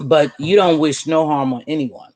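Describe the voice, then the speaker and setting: A woman hosting a live stream, confronting a viewer in a preachy, sarcastic rant with drawn-out hums. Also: low voice, darkish tone, dry recording.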